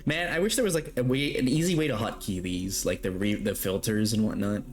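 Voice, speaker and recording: A man's voice: on the low side, fairly quick, faint music behind. A man streaming a story game, chatting in a rambling, casual way. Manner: rambling, chatty, laughs often. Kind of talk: casual gameplay commentary.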